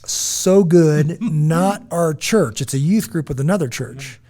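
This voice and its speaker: A man in his forties telling animated, rambling stories as a podcast co-host, often checking in with "right?". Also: a little high, slow pace. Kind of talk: casual podcast storytelling.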